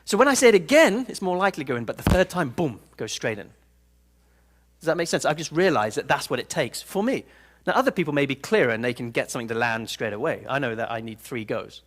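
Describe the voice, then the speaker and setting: A man giving a live seminar talk to an audience in a room, telling stories in an animated, playful way. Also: medium pitch, quick pace. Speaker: personal development speaker.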